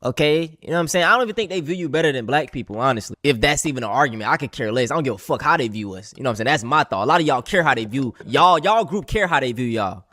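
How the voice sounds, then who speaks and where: A man reacts in blunt, exasperated commentary, his pitch swinging widely as he presses his points. His voice sits mid-range. The recording is dry and close. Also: animated, racing, few pauses, sharp tone, no room sound.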